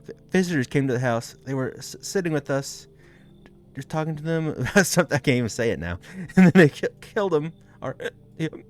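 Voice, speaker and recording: A man's voice: fairly high pitch, lively intonation, brisk, a little mellow, close to an everyday voice. A man voicing a terrified young girl who lost her father, stammering as he reads game dialogue. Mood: frightened. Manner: stuttering, breaking into laughs.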